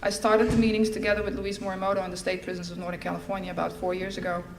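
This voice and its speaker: A middle-aged woman shares her recovery story from a podium in a large, echoing hall, with faint room noise behind her. She tells it in a lively way and slips into the voices of the people she quotes. Her pitch sits in an everyday middle range. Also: racing, vocal fry. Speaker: speaker sharing her recovery story at a fellowship event. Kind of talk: personal testimony. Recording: echoey hall with faint ambience.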